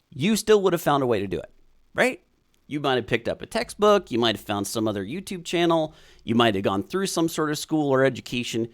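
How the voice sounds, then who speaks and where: A man hosting a casual live stream, chatting and reading viewer comments aloud as he thinks out loud. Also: mid-range voice.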